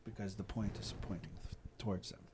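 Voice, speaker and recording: A man's voice: lowish voice, fairly even intonation, a little fast, a little mellow, slight background noise. A middle-aged man with a Chicago accent hosting a casual podcast chat, telling long rambling stories and checking in with "you know what I mean". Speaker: podcast host.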